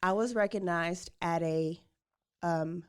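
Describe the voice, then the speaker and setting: A woman's voice: fairly low pitch, slow pace, slight background noise. A woman co-hosting a podcast, chatting casually, laughing often and reading out listener messages. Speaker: podcast co-host. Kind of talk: casual chat.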